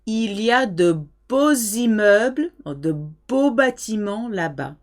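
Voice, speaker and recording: A middle-aged woman from France teaches a language lesson, taking her time with each phrase. Her voice moves up and down with plenty of expression as she patiently models and explains. She sits at a moderate pitch for a woman. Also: lively intonation, measured pace. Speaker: French teacher.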